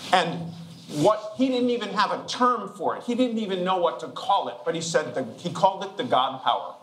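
A man's voice: high voice, animated, fairly quick, fairly bright tone. An older man preaching a chatty, joking sermon in a church, laughing between phrases. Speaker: guest preacher. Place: church sanctuary. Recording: echoey room with background noise.

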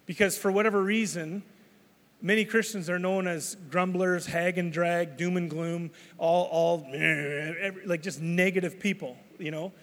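Pastor in a reverberant hall. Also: male voice, high voice, fairly bright tone. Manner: storytelling, conversational, many restarts. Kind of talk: sermon.

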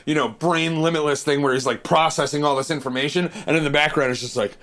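Animated swearing young man telling stories. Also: fast, over music. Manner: animated storyteller, acts out quotes with big pitch jumps, swears. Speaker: podcast co-host. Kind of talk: casual chat.

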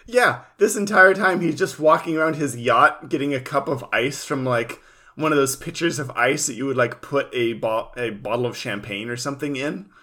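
A man's voice: medium pitch, normal speed, sharp tone. A man co-hosting a casual recap chat, dropping wry asides. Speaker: podcast co-host recapping an anime.

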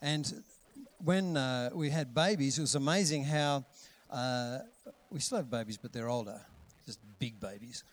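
A middle-aged man, preaching a lively sermon and acting out voices with sudden loud calls. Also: mid-range voice, unhurried, few pauses. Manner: animated, acts out voices with big loud calls. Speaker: pastor.

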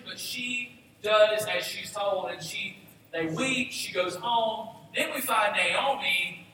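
A male pastor with a high, bright voice delivers a sermon in a church. He reads scripture and slips in light, joking asides to the congregation. The sound is roomy, with a long hall echo and the mic well off from him. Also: a little hiss or hum. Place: church sanctuary. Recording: echoey hall, mic at a distance.

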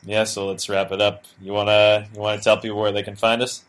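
Male co-host, lower pitch, easygoing and brief. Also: little pitch movement, fairly quick, fairly bright tone, clean tone. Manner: agreeable, brief responses. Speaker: podcast co-host. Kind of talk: casual podcast chat.

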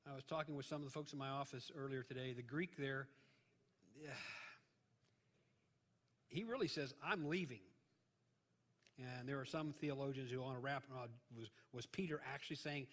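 A man preaching a conversational Bible-teaching sermon, animated and joking, acting out voices as he retells the passage. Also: mid-range voice, moderate pace. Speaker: pastor. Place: church sanctuary. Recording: long reverb of a large hall.

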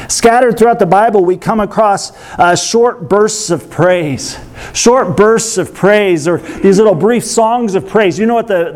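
High-voiced pastor man doing a chatty sermon, repeats his lines, asks the room questions, little laughs. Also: a little mellow. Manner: repeats key phrases, asks rhetorical questions, laughs lightly. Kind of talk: conversational sermon.

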